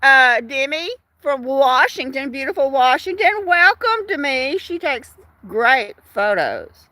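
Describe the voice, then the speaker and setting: An older woman hosts a casual evening live stream outdoors, reading out viewer comments. Chatty and warm-hearted, she laughs and uses fillers often. Her high voice is very animated but slow, with no room sound.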